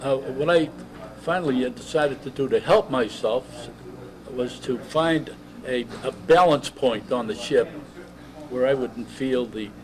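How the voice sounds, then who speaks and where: Halting elderly veteran man. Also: mid-range voice, a little mellow. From United States. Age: 80s. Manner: halting, many uh's and restarts. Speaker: veteran interviewee. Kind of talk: oral history interview. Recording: noisy background.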